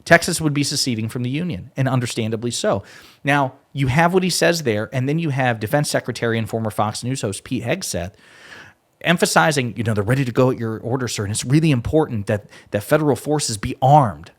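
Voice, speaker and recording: A man's voice: mid-range voice, lively intonation, fairly quick. A man giving emphatic, exasperated political commentary, often profane.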